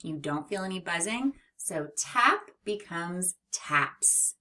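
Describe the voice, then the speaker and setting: Woman phonics teacher, lively lilting delivery, carefully sounded-out letters. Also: fairly low pitch. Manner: slow, exaggerated sounding-out of letters. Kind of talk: children's phonics lesson.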